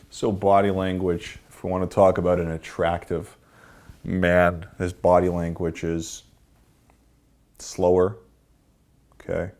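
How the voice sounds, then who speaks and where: A man's voice: sits low, dark tone. A man teaching a dating workshop, lecturing and checking in with "okay?" and "right?" after his points. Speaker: dating coach.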